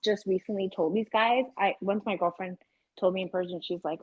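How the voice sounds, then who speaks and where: A woman's voice: lowish voice, steady tone, brisk, narrow, tinny audio, a little hiss or hum. A young adult woman co-hosting a podcast in casual chat, candid and swearing freely with frequent laughs. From lives in Los Angeles. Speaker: podcast co-host.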